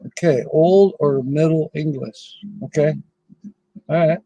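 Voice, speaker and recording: A middle-aged man hosts a casual livestream, talking at an unhurried, rambling pace and chuckling between thoughts. His voice is husky and mellow, sitting a little high for a man. The sound is close and dry. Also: no room sound, muffled recording. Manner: slow, rambling, chuckles often. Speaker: livestream host.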